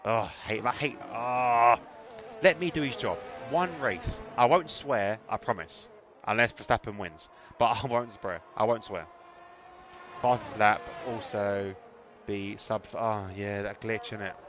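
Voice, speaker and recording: A man's voice: fairly low pitch, a little slow, a bit bright, a little hiss or hum. A man in a put-on Irish accent, giving casual, sweary, teasing commentary on a sim racing league. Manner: banter-heavy, sweary, teasing drivers.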